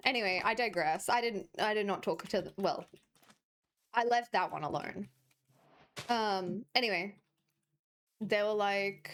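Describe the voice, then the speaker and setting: Female streamer, mid pitch, loose sarcastic gaming chatter. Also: unhurried, a bit bright. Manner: chatty, sarcastic, rambling asides. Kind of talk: casual gaming stream chat.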